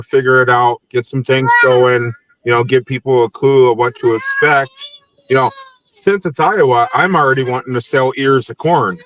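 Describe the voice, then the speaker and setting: A man's voice: mid-range voice, fairly bright tone, muffled recording, a little hiss or hum. A young adult man from Tennessee hosting a podcast in casual chat, easygoing, laughing often and using many fillers. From Nashville, Tennessee. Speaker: podcast host.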